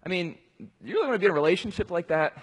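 A man's voice: high voice, animated, racing, slightly rough. A man preaching a conversational sermon, talking casually and rambling, with many fillers and restarts. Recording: long hall reverb.

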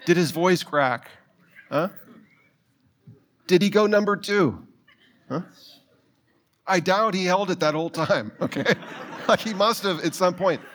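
A middle-aged man preaching a sermon, telling a personal story and putting quick questions to his listeners. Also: sits high, fairly bright tone. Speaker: pastor.

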